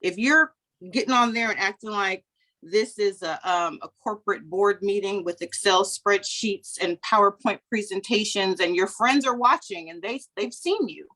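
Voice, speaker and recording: Lively chatty woman coaching over a video call. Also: mid-range voice. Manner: lively, chatty, acts out anecdotes in quoted voices, laughs often. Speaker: business coach. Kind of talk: motivational coaching talk.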